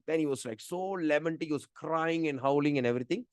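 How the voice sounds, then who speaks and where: A man's voice: fairly high pitch, quick pace, darkish tone, no echo, studio quality. A middle-aged man, teaching a scripture class in a chatty, emphatic way. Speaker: Gita teacher.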